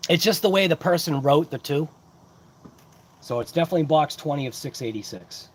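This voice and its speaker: A man's voice: on the high side, lively intonation, brisk, husky. A man hosting a casual livestream who rambles along and greets chat viewers by name. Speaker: host of a hobby livestream. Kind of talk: casual live-chat unboxing.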